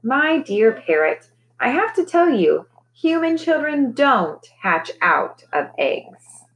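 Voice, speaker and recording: A woman's voice: high voice, big pitch swings, takes it slowly, a little hiss or hum, voice pushed up, full character voice, poor audio. A woman doing a curt, weary magician. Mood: amused, dry. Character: stubborn aloof male magician, grown man.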